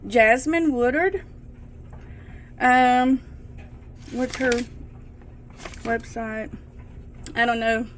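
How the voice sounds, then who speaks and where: A woman's voice: a little high, drawn-out words, pauses often, a little hiss or hum. A woman chatting to viewers while baking in her small home kitchen. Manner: chatty, easily excited, talks to viewers as "guys". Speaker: home cooking vlogger. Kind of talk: casual cooking demonstration.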